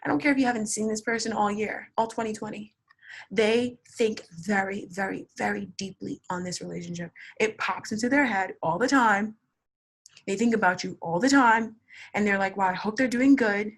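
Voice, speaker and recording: Woman, young adult, tarot reader, casual, blunt, repetitive emphasis, husky. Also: medium pitch, moderate pace, fairly bright tone. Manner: blunt, swears, repeats words for emphasis.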